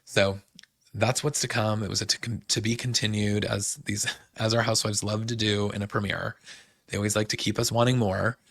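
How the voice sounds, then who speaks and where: A man's voice: on the low side, flat delivery, brisk, creaky, a bit bright, no echo, clean studio sound. A young man hosting a podcast, chatting casually with lots of fillers as he recaps shows. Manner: chatty, fillers like "like" and "um", quotes people. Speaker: podcast host.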